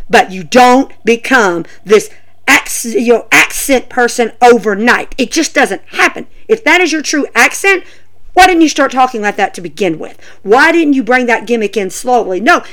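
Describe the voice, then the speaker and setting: A woman hosting a podcast, giving casual, ranting commentary full of fillers and exclamations. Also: on the high side. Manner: animated, ranting, lots of fillers. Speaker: podcast host.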